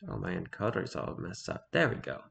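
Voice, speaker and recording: A man reading online stories aloud in a casual, halting way, stumbling over words and breaking off to comment. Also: low voice, big pitch swings, gravelly, fairly bright tone. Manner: reads haltingly, stumbles and repeats words, then comments offhand.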